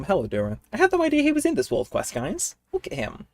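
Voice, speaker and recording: A man's voice: high-pitched, wildly swooping pitch, quick pace, few pauses, no echo, soft background music. A young man with a cold coming on, livestreaming a game and rambling casually to his chat while laughing often. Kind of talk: casual live-stream chat while gaming.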